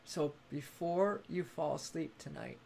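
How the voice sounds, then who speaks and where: A man with a high voice and plenty of gravelly fry hosts a live-streamed spiritual talk. He is effusive and affectionate and laughs often. He thanks his viewers one by one. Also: measured pace, mellow, a little hiss or hum. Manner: greets and thanks viewers by name.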